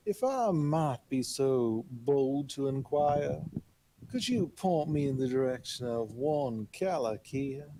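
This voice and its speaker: A man voicing an overly polite gentleman adventurer who speaks in formal, florid phrases. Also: medium pitch, lively intonation, slow pace, noisy background. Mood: courteous.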